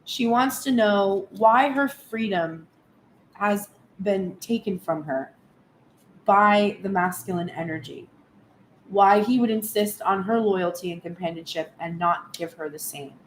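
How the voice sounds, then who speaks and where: A woman giving a frank, animated tarot reading in a casual spoken style, swearing now and then. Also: mid-range voice, a little slow, roomy sound, a little hiss or hum. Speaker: tarot reader.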